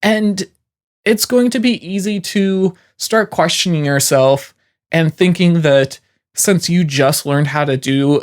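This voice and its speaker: Encouraging man with a higher voice. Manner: encouraging, conversational, frequent "you know". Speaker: voiceover artist. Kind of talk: advice talk to beginner freelancers.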